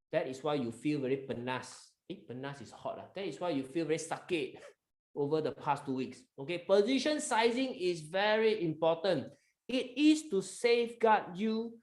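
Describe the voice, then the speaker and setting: A man's voice: a little high, darkish tone, roomy sound. A man with a Malaysian accent hosting a live stock market webinar, talking emphatically and coaxing his members, mixing in local slang.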